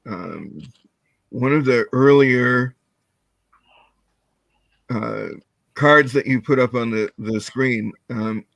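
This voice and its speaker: A man's voice: mid-range voice, slow pace, vocal fry, long pauses, fairly bright tone, dry recording. Man, student, hesitant, thoughtful, dry close sound. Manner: hesitant, thoughtful, many fillers. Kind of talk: asking questions in class.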